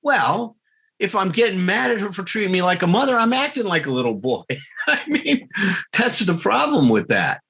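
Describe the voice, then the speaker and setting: A man's voice: high voice, very animated, normal speed, pushed and bright, breathy edge. A man giving a talk to a recovery group, earnest, laughing at himself now and then and acting out little quarrels. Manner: earnest, acts out quarrels in quoted voices.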